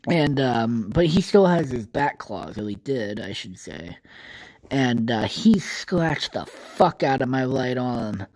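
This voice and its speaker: A man's voice: mid-range voice, expressive, slow pace, darkish tone, low-quality recording. A young man hosting a solo podcast, rambling casually with constant swearing and filler words. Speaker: podcast host.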